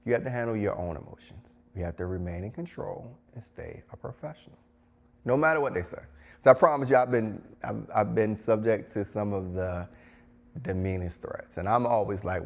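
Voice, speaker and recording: A man's voice: fairly low pitch, normal speed, gravelly, muffled recording. A man giving emphatic, preachy advice to teachers, repeating phrases for stress. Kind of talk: direct-to-camera advice talk.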